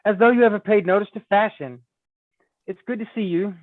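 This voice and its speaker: A frank, lively young heiress, as a man puts her on while reading aloud from a novel. The voice climbs higher and brighter than his own. It comes through a thin, tinny line with no room sound. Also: a little fast, no room sound, lightly acted. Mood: eager. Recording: tinny phone-like line, dry.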